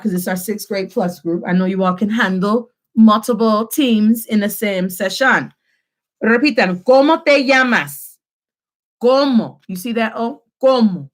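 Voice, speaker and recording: In a medium-pitched voice, a young woman teaches Spanish live online, energetically moving between English and Spanish while running repetition drills.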